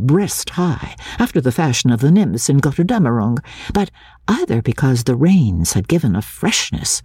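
A woman reading a classic novel aloud with expressive, lilting narration. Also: sits low, husky, no room sound, clean studio sound. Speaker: audiobook reader.

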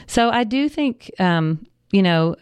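A woman pastor, speaking thoughtfully as a radio interview guest, pausing with ums and laughing easily. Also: medium pitch, lively intonation, a little mellow, smooth, dry recording. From American South. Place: radio studio.

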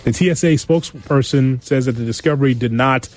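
A man hosts a sports radio show at an everyday pitch. He reads odd news items and tacks a joking aside onto each one. Faint music plays underneath. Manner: wisecracking, quick asides after each story.

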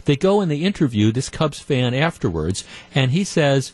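A man's voice: medium pitch, very animated, normal speed, few pauses, darkish tone, no room sound. A man hosting a call-in radio talk show, retelling a story in a conversational way. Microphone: studio microphone.

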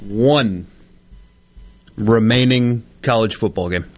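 A man's voice: on the low side, takes it slowly, slight background noise. Wry male sports radio co-host. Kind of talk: casual sports radio banter.

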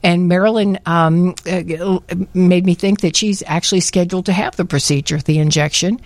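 A woman co-hosting a radio show, telling a personal story in casual chat with animated delivery. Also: fairly low pitch, normal speed, no echo. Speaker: radio co-host.

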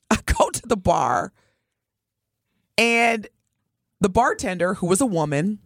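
A middle-aged woman co-hosting a podcast, telling a story in a casual, expressive way and speaking straight to her listeners. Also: medium pitch, slow pace, gravelly, no room sound, clean studio sound. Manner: animated, expressive storyteller addressing listeners directly. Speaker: podcast co-host.

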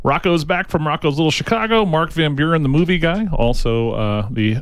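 A male morning radio host with a smooth, clear voice, chatting loosely with guests. He trips over his words now and then. The sound is dry and close, straight into a studio mic. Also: a little high, expressive, fairly quick, dry recording. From New York.

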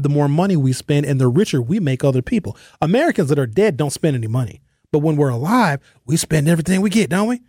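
A man hosting talk radio, preaching straight at his listeners in casual slang and loose grammar. His voice sits fairly high for a man, and the studio sound is dry and close. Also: a little mellow, dry recording. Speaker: radio talk show host. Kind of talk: opinionated call-in radio monologue.

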